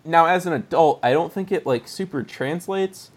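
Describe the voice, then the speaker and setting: A podcast host with a fairly high-pitched voice talks at a moderate pace. He chats casually in a review conversation, rambling through a retelling and laughing often.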